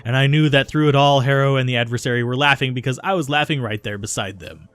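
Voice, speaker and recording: A remorseful young woman haunted by her time in a cult tells her confession slowly and steadily, as a man reads her game dialogue aloud. The voice sits at a middle pitch and moves along briskly, recorded dry and close with no room sound. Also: clean tone, no echo, lightly acted. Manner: steady confessional reading with small slips. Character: remorseful young woman, former cultist turned runner.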